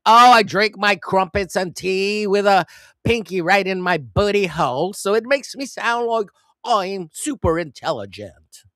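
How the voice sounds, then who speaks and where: A man's voice: sits high, animated, unhurried, bright, forceful tone, dry recording, pitched above the performer's own voice, full character voice. A man voicing a snooty, pompous mock English aristocrat in an affected posh tone.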